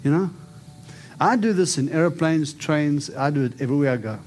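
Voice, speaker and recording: A man's voice: fairly high pitch, a little fast, a little mellow, faint music behind. A man preaching and prophesying over a congregation, emphatic and declaring, often coaxing his listeners to respond. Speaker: preacher giving prophetic ministry. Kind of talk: charismatic sermon and prophecy.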